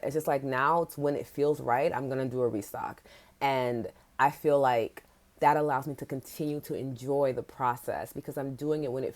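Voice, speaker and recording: A woman's voice: a bass voice, a little mellow. A woman hosting a casual livestream podcast, talking candidly and chattily with frequent "like"s and casual swearing. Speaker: podcast host.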